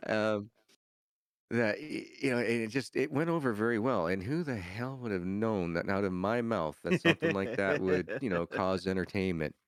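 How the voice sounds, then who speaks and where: A man's voice: on the low side, animated, moderate pace, dry recording, studio quality. A man chatting casually as a podcast guest, rambling and laughing often. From Canada. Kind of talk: casual chat.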